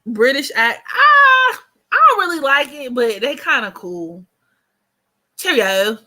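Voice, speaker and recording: A woman's voice: high voice, wildly swooping pitch, a little slow, pushed and bright. An American woman in her thirties hosting a casual livestream chat, blunt, slangy and joking as she talks. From United States. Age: 30s. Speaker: host.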